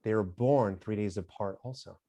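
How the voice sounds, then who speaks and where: A middle-aged man, a guest on an interview, talking in a halting, reflective way and smiling a lot as he speaks. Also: lowish voice, dark tone, muffled recording. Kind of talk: casual interview talk.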